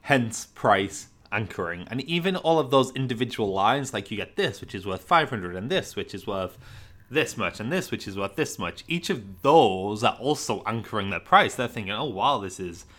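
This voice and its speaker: A man co-hosting a business podcast in a playful, jokey way, explaining with mock sales pitches. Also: expressive, moderate pace, fairly bright tone. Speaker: podcast co-host. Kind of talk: casual business podcast chat.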